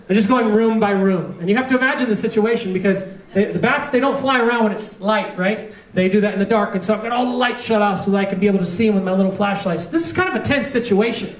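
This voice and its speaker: A man preaching a sermon as pastor, telling a story with humor and animated delivery. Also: high voice. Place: church. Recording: echoey church hall, distant mic.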